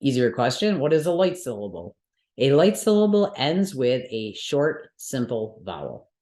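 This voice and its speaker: A woman's voice: very deep voice, big pitch swings, normal speed, dark tone. A woman teaching a Sanskrit mantra workshop, explaining rules step by step and often checking in with her students. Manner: patient step-by-step explaining, frequent check-ins with the class. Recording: roomy echoey room.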